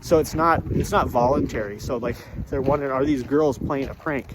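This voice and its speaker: A man's voice: mid-range voice, brisk, noisy background. A man vlogging on a walk outdoors, rambling and joking with lots of fillers. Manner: chatty, jokey, rambling with many fillers. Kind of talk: rambling walk-and-talk monologue. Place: outdoors on a walk, rural area.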